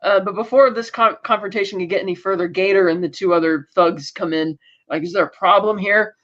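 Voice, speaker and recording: A man's voice: high-pitched, steady tone, fairly bright tone, highs cut off. A man co-hosting a podcast, retelling an episode in casual chat and quoting the characters as he goes. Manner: brisk retelling with acted quotes. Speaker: podcast co-host.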